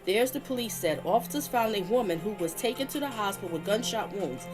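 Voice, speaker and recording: A woman hosting her own channel, reading crime news aloud and stopping to react with feeling. Her voice sits at an ordinary middle pitch. Soft music runs faintly underneath. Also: animated, a little fast. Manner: emotional, reacts aloud between read passages. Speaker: channel host.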